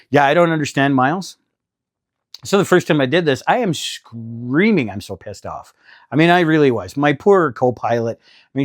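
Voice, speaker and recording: A man's voice: mid-range voice, dry recording, clean studio sound. A middle-aged man, talking casually to camera about RV costs in a chatty, exasperated, self-deprecating way. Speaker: RV vlogger. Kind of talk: casual vlog talk.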